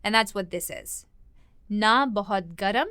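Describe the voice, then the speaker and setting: Woman podcast host, conversational grammar explainer, mid pitch, dry studio sound. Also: a little slow, pushed and bright, smooth, no echo. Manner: conversational, thinks aloud while explaining. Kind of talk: podcast language lesson.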